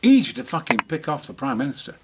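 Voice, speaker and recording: Loud animated bloke swearing thru stories, voice swoops all over. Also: male voice, on the high side, fast talker, background noise. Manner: boisterous, sweary, theatrical storytelling. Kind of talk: casual behind-the-scenes chat.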